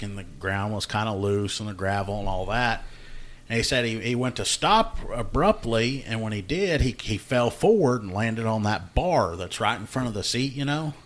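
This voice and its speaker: A man, hosting a casual podcast chat and telling a work story with plenty of laughter and acted-out dialogue. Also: fairly low pitch. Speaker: podcast host, law enforcement officer.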